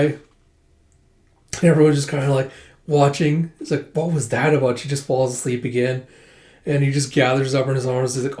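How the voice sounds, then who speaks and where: A man casually retelling a manga volume, quickly quoting each character's lines with light changes of voice. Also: fairly high pitch, darkish tone. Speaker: manga reader and reviewer. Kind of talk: casual readthrough narration with quick quoted dialogue. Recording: echoey room.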